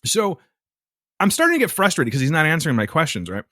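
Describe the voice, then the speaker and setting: Fast-talking and on the high side in pitch, this podcast co-host relates a story with lots of swearing, sounding casual, exasperated, and animated. The clean studio sound carries no echo.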